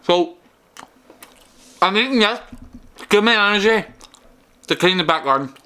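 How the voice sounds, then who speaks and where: A man's voice: sits high, lively intonation, normal speed, sharp tone, smooth. Chatty Northern Irish man vlogging. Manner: chatty, swears a lot, calls the viewer mate. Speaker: fitness vlogger. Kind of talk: casual vlog chat. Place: outdoors after the gym, then at home.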